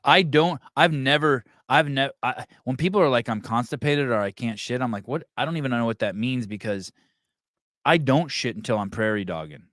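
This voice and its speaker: A man's voice: medium pitch, normal speed, fairly bright tone, dry recording. Guy hosting a podcast, crude jokes, laughs a lot, dry close sound. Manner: crude, joking, laughs often. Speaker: podcast host. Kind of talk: casual podcast chat.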